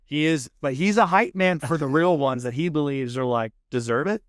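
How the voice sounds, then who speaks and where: A man's voice: a little high, moderate pace, dry recording. Laid-back guest man in a dry studio. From California. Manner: laid-back, enthusiastic, says "man" and "dude" often. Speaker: podcast guest, food show host. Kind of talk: casual chat. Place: podcast studio.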